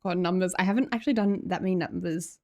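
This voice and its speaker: A woman's voice: on the low side, fast, darkish tone. A young Australian woman live streamer chatting casually and giggling as she reads her chat aloud into a desk mic. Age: young adult.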